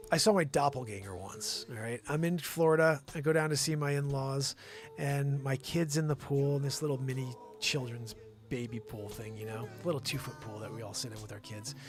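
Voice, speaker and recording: A man with a fairly high voice hosts a casual livestream, greeting viewers by name with animated energy. Music plays clearly behind him as he talks into his desk mic. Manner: animated, loud shout-outs to viewers. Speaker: host.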